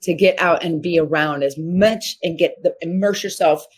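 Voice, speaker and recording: Guest, woman, 50s, from Missouri; lowish voice, animated storyteller. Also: moderate pace, slight background noise. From Missouri, USA. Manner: animated, acts out quoted voices with sharp pitch jumps. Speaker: guest, horse trainer. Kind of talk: casual interview storytelling.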